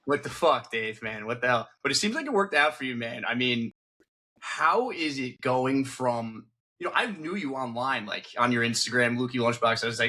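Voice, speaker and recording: Young new dude hosting a podcast, bright tense voice, swears, loose and excited. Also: male voice, medium pitch, normal speed. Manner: loose, swearing, enthusiastic host. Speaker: podcast host. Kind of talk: casual chat.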